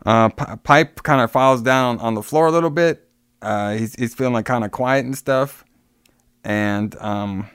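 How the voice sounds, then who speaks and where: Walking through a film's story one scene at a time, a man chats casually, with many asides and fillers. His voice sits on the low side and is clear and resonant. The studio-quality recording has no room sound.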